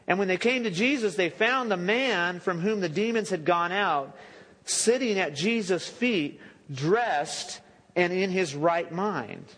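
A man's voice: sits high, unhurried, fairly bright tone. A man preaching a sermon as pastor, speaking conversationally with joking asides and self-corrections. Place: church sanctuary. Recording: echoey church hall with long reverb.

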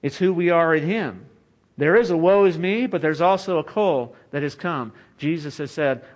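Male pastor, higher-pitched voice, conversational earnest sermon delivery. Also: moderate pace. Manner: conversational, earnest preaching with many "you know" fillers.

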